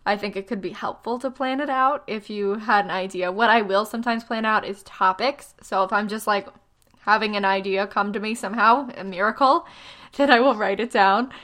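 A woman in her twenties giving blogging tips in a casual vlog, chatty and self-deprecating, with lots of fillers and quick asides, a little tired. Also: medium pitch, a bit bright. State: tired, yawning.

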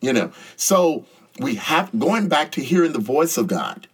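A man speaking casually about faith, animated as he acts out both sides of a conversation. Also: a little high, a little slow, breathy edge. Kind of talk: casual spiritual talk.

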